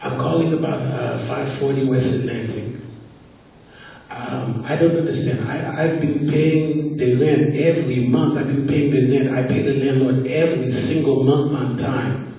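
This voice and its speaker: A man voicing a worried Haitian immigrant mother who speaks with an accent and talks haltingly, full of hesitations. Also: medium pitch, fairly even intonation, creaky, warm tone. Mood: confused pleading. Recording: echoey hall from far off.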